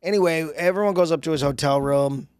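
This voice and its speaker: A man's voice: a little high, fast talker, clean tone, dry recording, clean studio sound. A man in his thirties, a comedian guest, telling a long personal anecdote in casual podcast chat and swearing freely.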